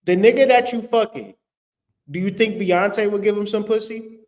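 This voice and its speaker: A man's voice: sits high, moderate pace, a little mellow. A man giving blunt, profane, joking spiritual relationship advice in a casual talk. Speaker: spiritual vlogger.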